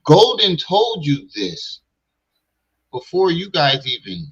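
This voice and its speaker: A man's voice: a little high, huge pitch swings, slow, a bit bright, slightly rough, lo-fi sound. A man hosting a casual reaction stream, bluntly questioning the clip he plays. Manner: blunt, skeptical, talks back at the clip. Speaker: livestream commentator.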